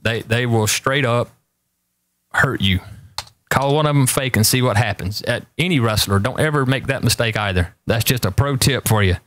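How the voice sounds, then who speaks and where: A man's voice: mid-range voice, moderate pace, a bit bright. A man, hosting a show and telling rambling stories with emphatic repeated warnings. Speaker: talk show host. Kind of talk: casual storytelling chat.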